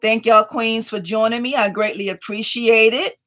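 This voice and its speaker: A woman's voice: a little high, steady tone, moderate pace, fairly bright tone. A woman hosting a casual craft livestream from home, greeting viewers by name as they join and chatting along, a little sleepy. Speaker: craft channel host.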